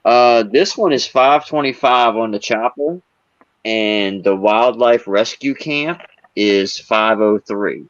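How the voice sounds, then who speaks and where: A man chatting on a live stream in a matter-of-fact, unhurried way. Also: on the low side, muffled recording. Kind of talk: casual live-stream chat.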